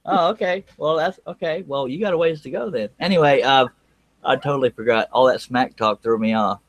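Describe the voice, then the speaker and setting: A man's voice: medium pitch, a little fast. A middle-aged man, hosting a casual live-stream chat in a folksy, joking, self-mocking way. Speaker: show host.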